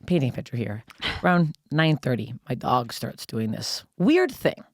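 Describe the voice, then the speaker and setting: A young adult woman from Canada telling a story on a podcast in a fast, profane, animated way. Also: extremely low pitch, no echo, clean studio sound. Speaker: podcast co-host. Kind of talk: casual storytelling chat.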